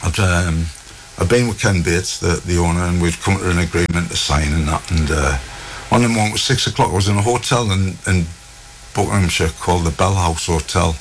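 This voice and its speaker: Lower-voiced North East man telling stories. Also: a little fast, slight background noise. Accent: North East England. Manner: lively storyteller, animated quoted dialogue. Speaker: guest, former footballer. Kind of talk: anecdotal interview chat.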